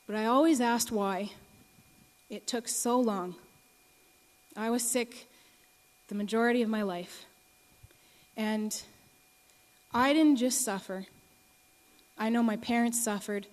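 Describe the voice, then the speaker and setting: An earnest young woman, slightly high-pitched, preaches slowly to a congregation, with many hesitant ums between phrases. Her voice carries a long reverb from a large hall. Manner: earnest, many ums, rises to emotional pleading. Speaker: speaker giving a testimony talk. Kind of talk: sermon.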